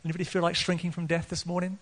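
Pastor guy preaching, earnest, laughs a lot, voice shoots up when he gets excited, a bit higher than most men. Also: rapid-fire. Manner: earnest, laughing often, voice rising to excited peaks. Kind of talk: sermon.

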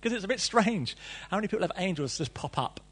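Male preacher, middle-aged, husky, lively sermon delivery with playful asides. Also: high-pitched, fast talker. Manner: reads scripture then riffs animatedly, playful asides.

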